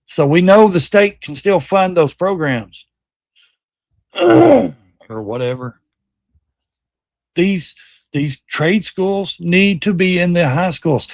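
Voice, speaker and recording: Middle-aged guy ranting on his livestream, blunt n animated, kinda high voice, dry mic. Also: no echo. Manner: blunt, animated, swearing, mocks and narrates clips. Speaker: livestream host. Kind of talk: casual commentary.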